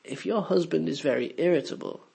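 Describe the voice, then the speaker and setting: Gravelly-voiced man teaching English. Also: a little high, a little fast, dark tone. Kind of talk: scripted lesson narration.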